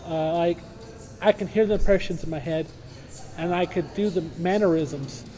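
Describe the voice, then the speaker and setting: A man's voice: fairly high pitch, normal speed, warm tone. A man who talks brashly and runs himself down, swearing freely, in a casual interview. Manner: brash, self-deprecating, swears. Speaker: comedy student.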